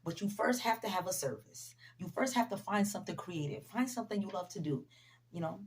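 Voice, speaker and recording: A woman's voice: medium pitch, expressive, brisk. A woman giving a casual motivational talk to her viewers, speaking directly to them and repeating key sayings for emphasis. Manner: conversational, addresses viewers directly, frequent "you know". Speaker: motivational vlogger.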